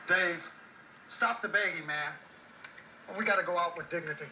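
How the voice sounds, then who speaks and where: A man's voice: high-pitched, normal speed, pushed and bright. An actor playing a doomed male prisoner who is flippant and defiant, in a roomy film soundtrack with background noise. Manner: pleading then flippant.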